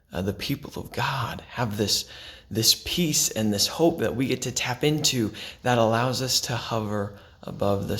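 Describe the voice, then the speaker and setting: Gravelly-voiced man giving a gentle devotion. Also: on the low side. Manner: gentle, unhurried, drops to a hush for quiet lines. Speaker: pastor. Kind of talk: devotional sermon to camera.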